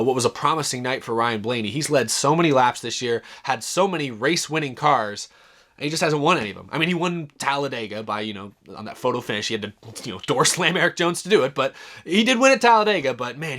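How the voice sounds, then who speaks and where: A young man hosting a casual solo race review, talking in an animated, enthusiastic way with lots of fillers and restarts. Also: medium pitch. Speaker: racing commentary host.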